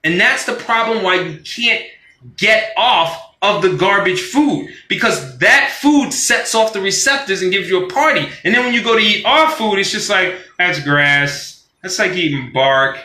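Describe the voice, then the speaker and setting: High, bright-voiced man ranting profanely. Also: moderate pace, roomy sound. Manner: animated, profane, acts out quoted voices. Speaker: vlogger on a live stream. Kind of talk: casual profane rant.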